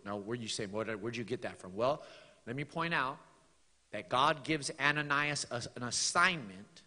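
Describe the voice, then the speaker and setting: A man's voice: medium pitch, animated, normal speed, pushed and bright, in a large hall. A man preaching a sermon in a church, building to emphatic, repeated lines. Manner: preaching with swelling emphasis and repetition. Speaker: pastor. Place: church sanctuary.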